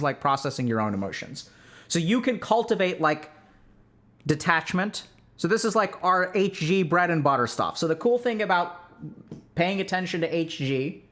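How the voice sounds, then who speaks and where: With a fairly high pitch and fairly bright tone, a male clinician talks through parenting in a relaxed, conversational way. He leans on "like" and keeps asking "right?", and he mocks strict views sarcastically.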